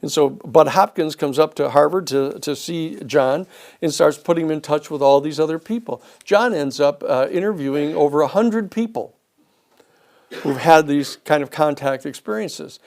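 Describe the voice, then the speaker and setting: A man giving a storytelling lecture, an animated speaker who acts out the people he quotes. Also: a little high, moderate pace, creaky.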